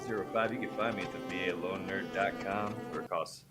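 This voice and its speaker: A man's voice: sits low, a little fast, over loud music. A man who is a mortgage broker, talking playfully as he plugs his contact details. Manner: playful, lively. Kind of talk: casual chat.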